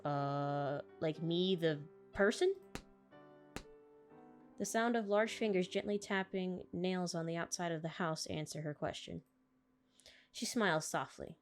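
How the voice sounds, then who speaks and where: A woman's voice: fairly low pitch, a little slow, long pauses, soft background music. A woman playing through a story game, chatting casually and reading its text aloud with frequent giggles. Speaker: gaming YouTuber. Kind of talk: game playthrough with read-aloud narration.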